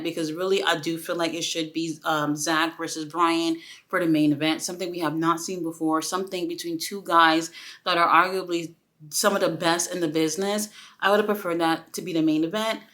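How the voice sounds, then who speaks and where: A young woman talking through a wrestling show in a loose, chatty review. Her voice sits a little on the low side, and she gets excited and throws in asides as she goes. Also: normal speed. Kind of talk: casual solo show review.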